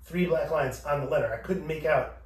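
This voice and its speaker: Fairly quick and fairly high-pitched, the host narrates a casual, swear-filled story on his podcast, acting out both halves of the exchange. The recording comes from an echoey room with him set back from the mic.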